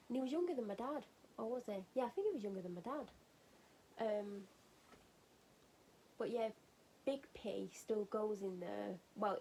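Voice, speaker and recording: Woman vlogger, casual rambling storyteller, mid-pitched, some gravel in the voice. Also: mellow, a little hiss or hum, rough recording. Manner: chatty, rambling, laughing at her own story. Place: at home getting ready for bed.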